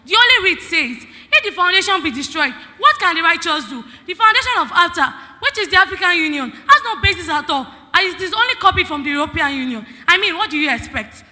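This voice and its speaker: A teenage girl with a Nigerian accent delivers a formal debate speech in a very high, sharply bright voice. She presses her points with emphatic rhetorical questions. The sound carries a long hall reverb. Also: very animated, fast, few pauses. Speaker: student debater.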